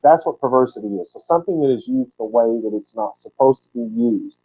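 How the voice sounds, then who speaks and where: A man giving sermon-style Bible teaching at a mid pitch, unpacking word roots and repeating terms slowly for emphasis. The recording sounds dull and lo-fi. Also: slightly rough.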